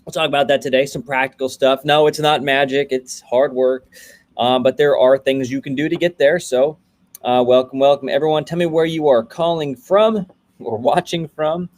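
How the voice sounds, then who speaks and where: A man's voice: mid-range voice, fairly even intonation, normal speed. Casual male host, 30s, running a coding livestream and greeting viewers by name.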